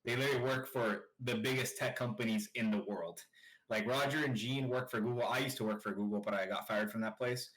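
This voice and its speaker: A man in the middle pitch range talks loosely on a podcast with his friends. He rambles, swears freely and gets worked up as he goes. His tone stays casual and conversational throughout. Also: a little fast, low-quality recording. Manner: animated, profane, rambling. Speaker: podcast co-host.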